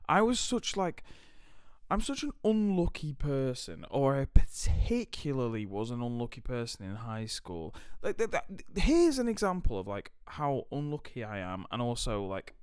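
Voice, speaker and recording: Young British male podcast host, animated and sweary storyteller, resonant mid-pitched voice, dry close sound. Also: normal speed, clean tone, dry recording. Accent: British English. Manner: animated, swearing, many fillers. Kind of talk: casual storytelling chat.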